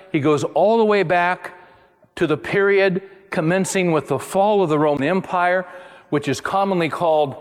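A man preaching a sermon to his congregation, emphatic, with his voice climbing high on the points he stresses. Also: big-room sound. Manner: emphatic, rising to high exclamations. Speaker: pastor.

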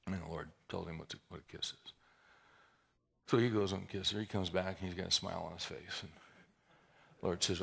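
A man preaching a sermon in an animated way, mixing humorous asides into the teaching. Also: low-pitched, fast talker, creaky, husky. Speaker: pastor.

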